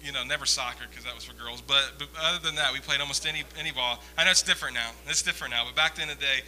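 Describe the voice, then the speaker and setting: A man's voice: medium pitch, rapid-fire, sharp tone, slight background noise, low-quality recording. A man giving a conversational sermon as a pastor, rambling through self-deprecating stories with humor.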